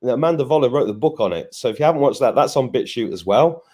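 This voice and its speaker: A man's voice: mid-range voice, expressive, quick pace, darkish tone. A man hosting a casual live stream, greeting viewers by name and joking as he rambles. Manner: chatty, joking asides, rambling restarts.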